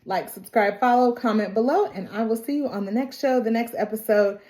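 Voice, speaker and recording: A woman's voice: fairly high pitch, a little fast. A woman vlogger chattily recapping a family movie, acting out the characters as she goes. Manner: chatty, animated, acts out characters.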